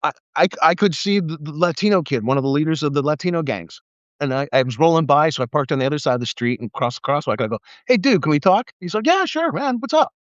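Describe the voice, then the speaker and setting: A former police officer, speaking fast in a fairly high male voice, tells stories and rants through a casual livestream monologue. He's animated, swears often, laughs, and acts out the voices he quotes. His livestream mic gives a dry recording with the highs cut off.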